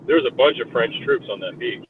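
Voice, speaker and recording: A man's voice: mid-range voice, fast. A man talks in a loose, rambling way and swears often, like a casual group chat among friends. His voice comes through a narrow, phone-like line. A faint hiss sits underneath. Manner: rambling, profane, laid-back. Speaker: podcast co-host.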